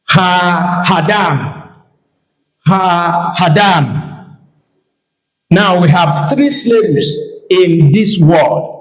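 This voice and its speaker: Slow, high-voiced male Hebrew teacher. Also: darkish tone, roomy sound, low-quality recording. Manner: slow, repeats key terms and tells the learner to take note. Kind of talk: recorded grammar lesson.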